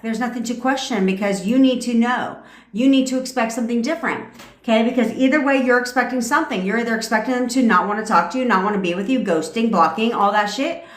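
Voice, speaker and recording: A woman in her thirties ranting on a live stream as a manifestation coach, blunt, commanding and full of swearing. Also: mid-range voice. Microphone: phone mic. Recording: echoey room.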